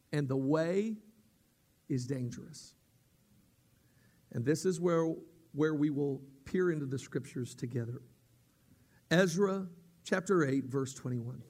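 A man preaching a sermon as pastor, teaching calmly at times and rising into loud, emphatic preaching, often repeating himself and restarting his words. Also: measured pace, pauses often. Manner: builds from calm teaching to loud, high-pitched emphatic preaching.

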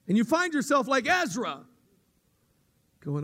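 Pastor guy preaching, pretty high voice, goes from calm teaching to loud and pushy, lots of repeats. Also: unhurried. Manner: repeats words and restarts, with fillers. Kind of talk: sermon.

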